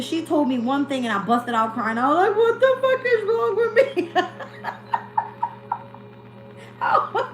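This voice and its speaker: A woman's voice: mid-range voice, low-quality recording. A woman giving a casual live-stream tarot reading, talking bluntly and swearing freely. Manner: blunt, profane, candid. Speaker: tarot reader.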